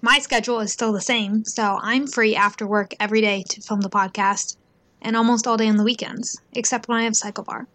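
Chatty young woman, higher voice. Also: fairly even intonation, a little fast, a bit bright. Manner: chatty, with fillers like um and so. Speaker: podcast co-host. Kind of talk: casual chat.

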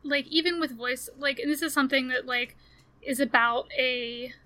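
A woman's voice: high voice, steady tone, moderate pace, pushed and bright. A woman in casual conversation, chatty and full of fillers. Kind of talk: casual chat.

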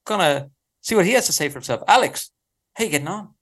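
A man impersonating a chummy male radio host, with slow, sing-song broadcaster patter. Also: high-pitched, animated, a bit bright, voice pushed up.

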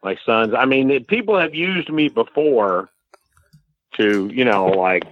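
A man's voice: medium pitch, animated, a little slow, a little hiss or hum. Older man, wary, over a tinny phone line. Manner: hesitant, wary, dryly skeptical. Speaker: prank call target. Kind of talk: casual phone call.

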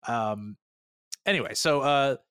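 A man's voice: medium pitch, takes it slowly, fairly bright tone, clear, resonant tone, dry recording, clean studio sound. A man co-hosting a podcast, chatting casually through an episode recap with lots of fillers and acted-out lines. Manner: rambling, filler-heavy, acts out characters' lines. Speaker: podcast co-host.

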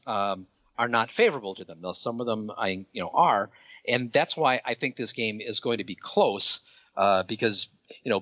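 Male podcast co-host, casual chat, halting and repetitive delivery, dull dry lo-fi sound. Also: mid-range voice, fairly bright tone, no echo. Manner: hesitant, repeats words while thinking.

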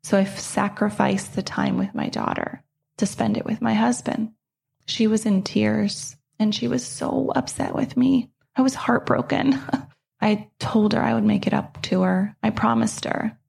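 A woman's voice: medium pitch, big pitch swings, a little slow, vocal fry, darkish tone, breathy edge. A middle-aged woman hosting her own podcast, telling a personal story in an earnest, reflective way. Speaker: podcast host.

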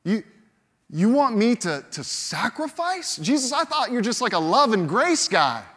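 A pastor preaching a sermon in a man's voice that sits high for a man. He moves from loud, animated lines down to hushed, slow emphasis, and often repeats a word as he starts a sentence. Now and then he briefly acts out the people in the story he is telling. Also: big-room sound. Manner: dramatic swings from loud to hushed, acting out quoted voices.

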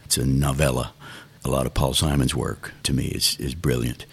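Very deep gravelly man, thoughtful. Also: flat delivery. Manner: thoughtful, unhurried, musing. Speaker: songwriter guest. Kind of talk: reflective interview talk.

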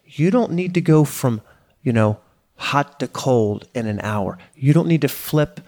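Energetic middle-aged man coaching his audience. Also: medium pitch, a little slow. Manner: energetic, conversational, self-correcting with emphatic bursts. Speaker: business coach and community host. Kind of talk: casual motivational talk to his community.

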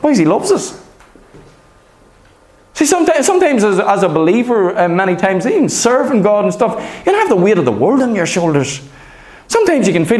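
A man preaching with a very high voice, earnest and repetitive, pressing each point home. The sound is roomy and echoey. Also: sing-song, fairly quick, darkish tone. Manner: earnest, repetitive, emphatic with frequent "Amen" and "Okay?". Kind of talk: sermon. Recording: echoey room.

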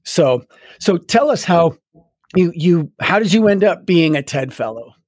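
A man's voice: fairly high pitch, lively intonation, measured pace, dry recording, studio quality. A man hosting an interview, asking long, rambling questions full of fillers. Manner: rambling, searching for words with many fillers. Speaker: host.

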